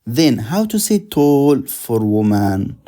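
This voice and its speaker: Slow, mellow-voiced male teacher. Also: mid-range voice, big pitch swings. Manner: patient, repeats words slowly for drilling. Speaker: Arabic teacher. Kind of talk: slow explanatory language lesson.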